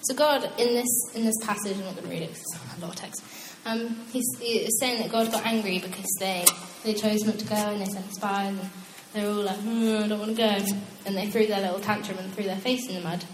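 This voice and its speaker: A woman's voice: mid-range voice, brisk, hardly any pauses, noisy background. Chatty woman preaching in an echoey hall. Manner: chatty, animated, laughs at her own asides. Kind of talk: sermon. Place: church hall. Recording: echoey hall with long reverb.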